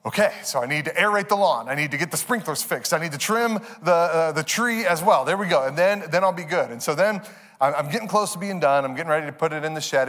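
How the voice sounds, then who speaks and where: Pastor, male, somewhat high voice, casual storytelling sermon, big church reverb. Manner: conversational storytelling, animated, asks congregation questions. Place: church sanctuary.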